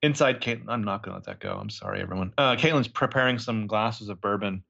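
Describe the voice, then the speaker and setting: A man co-hosting a casual podcast, recapping scenes with quick quoted asides and swearing. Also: on the low side, creaky, fairly bright tone, lo-fi sound. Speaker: podcast co-host recapping a show.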